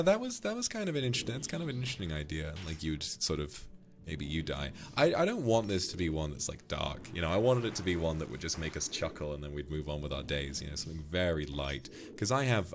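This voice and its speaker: A man's voice: low-pitched, background noise. A man streaming, casually chatting and reading out viewer donations in a teasing, affectionate way.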